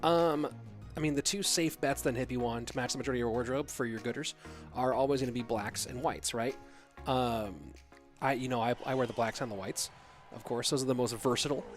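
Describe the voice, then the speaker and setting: A man's voice: medium pitch, steady tone, fairly quick, faint music behind. Rambling man streaming esports commentary. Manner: loose and rambling, with frequent restarts while answering chat. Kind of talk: live esports commentary mixed with reading chat.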